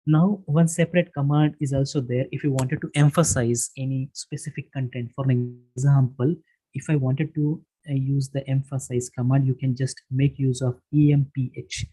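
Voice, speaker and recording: A man instructing an online workshop, explaining step by step in a halting way with many fillers and restarts. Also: mid-range voice, level tone, dark tone, slightly rough, poor audio. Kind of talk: screen-share tutorial lecture. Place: online session, voice from his own room.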